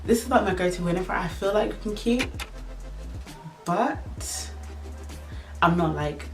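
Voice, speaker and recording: A woman's voice: lowish voice, expressive, unhurried, over music. A young adult woman chatting casually through a makeup tutorial in a playful, joking way, coining silly words as she goes. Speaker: beauty vlogger. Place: indoors at home under studio lights.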